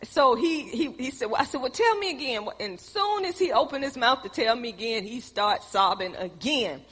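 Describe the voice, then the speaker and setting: A woman preaching a sermon, telling stories and building to excited emphasis. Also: fairly high pitch, normal speed, breathy edge, big-room sound. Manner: storytelling, rising to excited emphasis.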